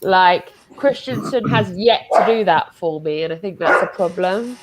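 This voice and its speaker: A woman's voice: lowish voice, normal speed, very noisy. A woman co-hosting a casual football watchalong, talking earnestly with lots of "like" and hesitations. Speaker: co-host of a watchalong.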